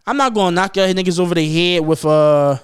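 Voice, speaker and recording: A young adult man hosting a podcast, telling stories in casual chat, animated and profane with lots of slang. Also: sits high, fairly quick, smooth. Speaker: podcast host.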